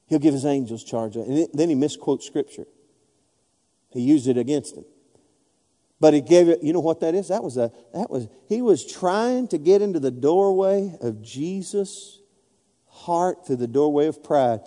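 A man preaching a sermon with emphatic drive, pushing his points and asking the congregation to answer back. His voice sits a touch high but sounds mellow and dark in tone. The sound rings out with a long hall reverb, as in a large church sanctuary. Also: sing-song, moderate pace. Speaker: pastor.

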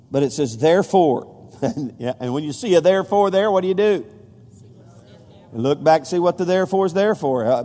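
In a large hall with long reverb, a pastor whose voice sits high with a darkish tone delivers a folksy sermon. He trips over fillers and restarts, then builds to emphasis when reading scripture.

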